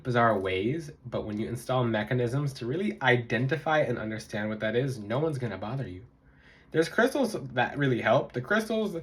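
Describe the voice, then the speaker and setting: A young man giving casual spiritual advice to his viewers, emphatic and repetitive, sometimes mimicking others in a high voice. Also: fairly bright tone. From South Florida. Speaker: spiritual vlogger. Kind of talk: casual advice monologue to camera.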